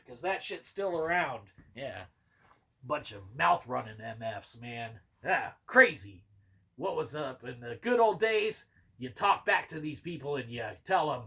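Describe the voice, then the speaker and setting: A man's voice: fairly high pitch, animated, unhurried, gravelly, a bit bright, slightly rough. A man giving a casual, rambling game review, full of fillers like "you know" and "man", with some swearing and dry sarcasm.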